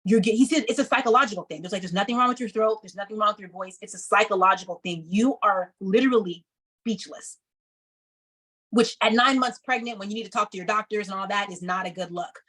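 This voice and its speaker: A woman in her thirties telling a personal story to an audience, acting out the people she quotes with lively emphasis. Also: mid-range voice, fast, rough recording. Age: 30s. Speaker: speaker.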